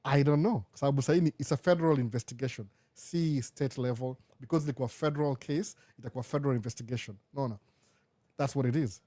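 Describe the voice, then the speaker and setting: A man's voice: medium pitch, fast, warm tone. A young Kenyan man with a Kenyan accent, hosting a casual live Q&A chat and switching back and forth between Swahili and English. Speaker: live show host.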